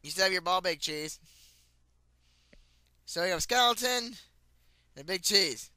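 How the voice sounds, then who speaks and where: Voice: medium pitch, animated, moderate pace, sharp tone, no room sound. A playful gamer giving casual commentary and chatting goofily with characters in the game. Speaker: gameplay commentator.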